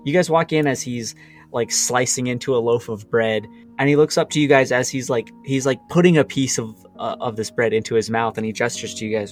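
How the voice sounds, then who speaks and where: A man narrates a tabletop scene as game master. His voice sits at a middle pitch, and his delivery is easygoing and chuckly. Soft music plays behind him. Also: a little fast. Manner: relaxed, laughs often.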